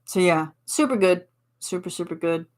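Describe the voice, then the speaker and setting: A woman's voice: on the low side, expressive, moderate pace, a little mellow. A woman from Canada chatting casually with her viewers on a stream, giggling and answering chat. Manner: chatty and giggly, reads chat replies aloud.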